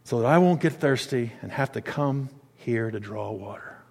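A man's voice: medium pitch, normal speed, vocal fry, a little mellow, pitched below the performer's own voice. A man voicing a dismissive, weary woman. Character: skeptical weary woman at a well. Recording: long reverb of a large hall.

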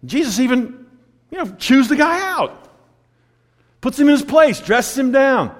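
A high-voiced male preacher delivering a sermon with a very lively, swooping delivery. He acts out the people in his stories as he goes. His voice rings with a long hall reverb. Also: moderate pace, long pauses. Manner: animated storytelling, acting out quoted voices.

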